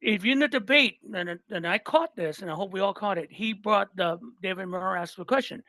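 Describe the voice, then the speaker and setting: A man guesting on a podcast chats in a loose, animated way, cursing freely, retelling comedy bits and emphatically repeating himself for stress. His voice sits high and moves fairly quickly with hardly any pauses, recorded dry with no room sound.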